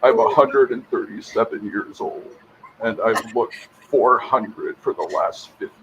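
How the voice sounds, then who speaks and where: A man putting on an impression of a detached, very old scholar who speaks quietly and flatly without emotion. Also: mid-range voice, unhurried, muffled recording, noisy background, lightly acted. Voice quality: quiet, flat and unemotional delivery.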